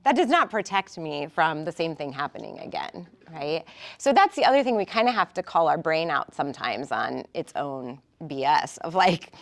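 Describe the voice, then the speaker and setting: A woman speaking casually to a small group in a room, coaching them and often checking in with "right?". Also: lowish voice. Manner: animated, warm coaching, frequent "right?". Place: indoor room with an audience.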